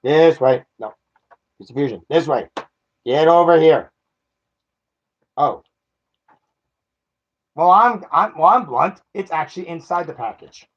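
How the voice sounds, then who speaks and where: A man with a slightly high voice talks through an unboxing, chatty and quick to poke fun at himself. The sound is dull and lo-fi, like a cheap home mic. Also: expressive. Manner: chatty, self-mocking, laughs at himself. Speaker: toy collector unboxing. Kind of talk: casual unboxing chat.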